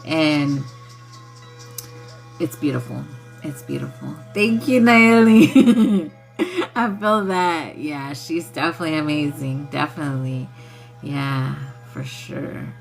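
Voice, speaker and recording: Slow-talking, laughing woman host. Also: low voice, faint music behind. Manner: laughs often, swears freely, loose and playful. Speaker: spiritual livestream host. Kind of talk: casual chat with viewers.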